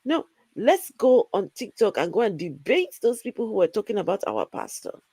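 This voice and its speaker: A woman's voice: medium pitch, sing-song, moderate pace, warm tone, husky, no room sound. A woman hosting a casual live stream, blunt and exasperated as she comments to her co-host.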